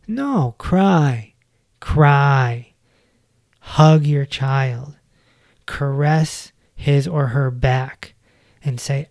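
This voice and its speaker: A man in his forties speaks as a podcast host, earnest and gentle in a slow, unhurried delivery. His voice is warm and mellow. The recording is dry and close, with no room sound. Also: mid-range voice, gravelly, dry recording. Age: 40s. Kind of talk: reflective self-help talk.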